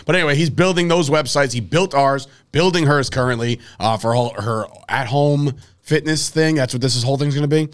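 A man's voice: medium pitch, a little fast, smooth. A man hosting a podcast, joking and teasing his co-hosts in a loose, profane banter. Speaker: podcast host.

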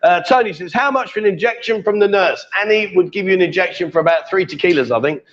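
Jokey livestream host man, high voice. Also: fast talker, a bit bright, muffled recording, slight background noise. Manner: jokey, teasing, coaxing. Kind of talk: casual live chat reading comments.

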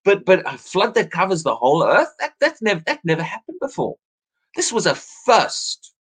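Husky, lively-voiced male preacher. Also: high voice, normal speed. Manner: earnest, repeats words as he restarts his phrases. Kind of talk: evening sermon.

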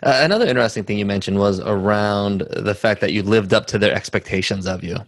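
A man's voice: fairly low pitch, fast, no room sound. A man hosting an interview, thoughtfully reflecting on what his guest said and often checking in with "right?". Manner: thoughtful, affirming, frequent "right?". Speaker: podcast host.

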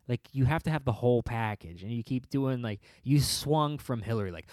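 A podcast host chats casually in a medium-pitched, slightly fast voice on a dry recording. He's rambling and sarcastic, laughs often, and mocks the people he quotes with put-on voices.

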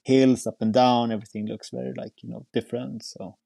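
A man's voice: mid-range voice, little pitch movement, brisk, creaky, dark tone, no room sound. A young man speaking English as a podcast guest, rambling casually with many fillers and restarts. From Sweden. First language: Swedish. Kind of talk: casual chat.

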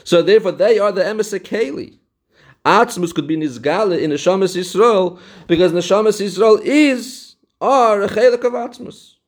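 Male text study teacher, slightly high voice, reads then explains. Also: moderate pace. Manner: mixes Yiddish and Hebrew terms into English. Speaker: Torah teacher.

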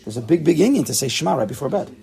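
A man's voice: on the high side, very animated, racing, gravelly, mellow. A man leading a casual Talmud study class, thinking aloud and checking in with his students. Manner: thinks aloud, asks the class questions, laughs at himself.

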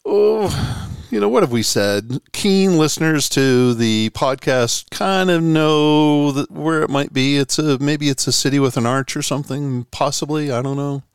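A man's voice: fairly high pitch, a little slow, few pauses, clear, resonant tone, no echo, studio quality. A man from the Boston area hosting a podcast, chatting casually and telling stories with jokes. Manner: jokey, animated storytelling. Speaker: podcast host. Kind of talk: casual chat.

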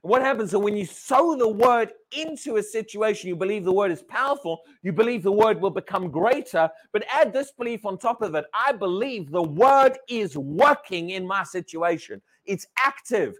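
A British man preaches to his congregation in a church hall. His voice sits high and rises and falls a lot as he stresses each point. He repeats key words and keeps asking the room questions. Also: animated, moderate pace, few pauses, a bit bright. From Britain. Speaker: pastor. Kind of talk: sermon.

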